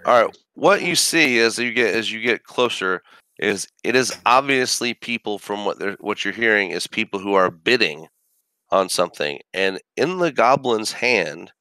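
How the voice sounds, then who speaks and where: A man's voice: on the low side, bright, forceful tone, dry recording. A man narrating a tabletop game as game master, describing scenes with many restarts.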